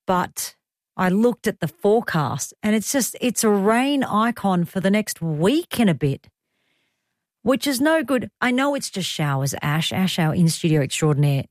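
On the radio, a middle-aged woman with an Australian accent and a lower-pitched voice keeps up a rambling, chatty conversation that breaks easily into laughter. The studio-quality audio has no room sound.

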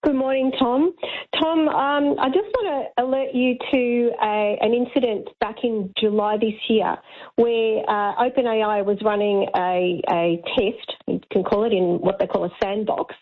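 A woman's voice: on the high side, fairly even intonation, unhurried. A woman calling in to a talk radio show, speaking earnestly with some hesitation. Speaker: caller. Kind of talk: phone-in call. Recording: tinny phone line.

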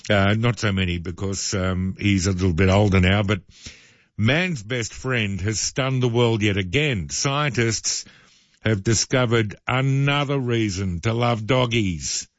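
A man's voice: fairly low pitch, unhurried, dry recording, dull audio. A male radio host, chatting casually with jokey asides.

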